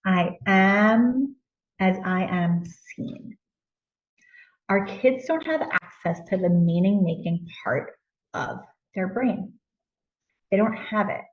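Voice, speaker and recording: A woman with a mid-range voice and lively intonation speaks slowly, giving parents a casual, conversational teaching talk loose with fillers. The lo-fi recording is dull, from a distant mic in an echoey room.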